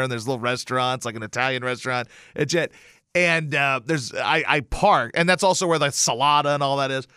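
A man's voice: medium pitch, sharp tone, smooth, no echo, clean studio sound. A man hosting a radio show, telling a rambling, self-deprecating story in a casual monologue, with some swearing. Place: radio station studio.

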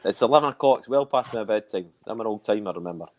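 A man's voice: on the low side, lively intonation, quick pace, a little mellow. A Scottish man hosting a casual podcast chat over a video call, joking and teasing his guest. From Scotland. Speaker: podcast host.

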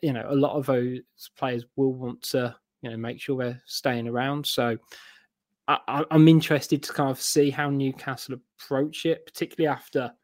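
A man's voice: medium pitch, steady tone, moderate pace, no echo, clean studio sound. A man speaking as a football fan guest in a casual podcast chat. He hedges and restarts his sentences as he talks. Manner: rambling, hedging with restarts.

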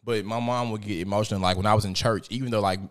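A man hosting a casual talk show, telling lively stories, swearing and laughing often. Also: on the low side, quick pace, smooth. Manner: animated storyteller, profane, laughs often. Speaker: podcast host. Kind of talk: casual conversation.

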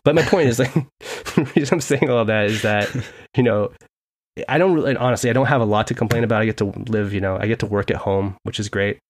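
A man's voice: fairly low pitch, quick pace. A young man from the Seattle area, co-hosting a podcast in casual, joking, rambling chat. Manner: rambling, joking, animated storytelling. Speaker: podcast co-host.

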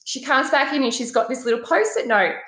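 Animated young woman, roomy sound. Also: a little fast. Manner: animated, swears, acts out quoted voices with big pitch jumps. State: pregnant. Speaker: guest telling a personal story. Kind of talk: casual storytelling. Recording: roomy echo.

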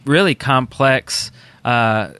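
Casting: man with a bright, sharp voice and dry close sound, halting podcast co-host. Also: mid-range voice, clear, resonant tone, dry recording. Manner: hesitant, halting explanations. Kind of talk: casual chat.

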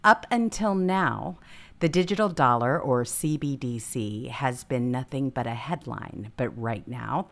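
A woman with a strikingly deep voice hosting a political talk show. She speaks emphatically in punchy asides and often chimes in to agree with her co-host.

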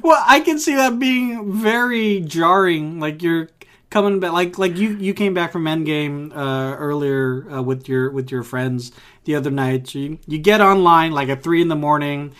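A man's voice: on the high side, normal speed, a bit bright. A man co-hosting a casual tech podcast, rambling with restarts and acting out his reactions. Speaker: podcast co-host.

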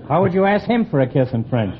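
A man hosting a radio quiz show, teasing his contestants with quick quips and a habit of tacking "huh?" onto his jokes. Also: on the high side, sing-song, a loud crowd, heavy background noise. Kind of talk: wisecracking quiz show banter. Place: radio studio before a live audience. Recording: dull old broadcast with loud audience.

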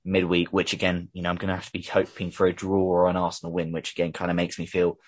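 A husky, slightly low-voiced man hosts a casual fan podcast. He talks fast and rambles with a frustrated edge, full of "you know" and restarts. The voice sits a little below average in pitch. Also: completely flat delivery. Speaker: podcast host.

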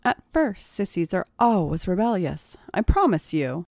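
A woman voicing a stern, dominant young woman who gives orders in a low, growling way. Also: sing-song, a little slow, vocal fry, a little mellow, no echo, heavily acted. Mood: commanding. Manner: commanding, growling.

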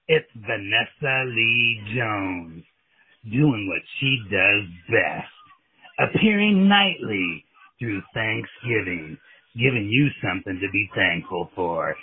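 Man putting on a sleazy radio ad announcer, hyped swooping pitch, husky, dry, tinny phone sound. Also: no echo, exaggerated voice. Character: sleazy male strip-club radio ad announcer.

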